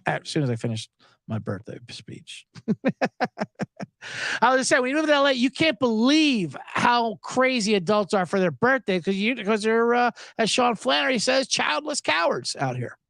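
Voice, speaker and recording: Animated, gravelly-voiced man ranting. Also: normal speed, dry recording, studio quality. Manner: animated, sarcastic, mimics others in high voices. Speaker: podcast host. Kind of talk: casual live podcast rant. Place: Los Angeles.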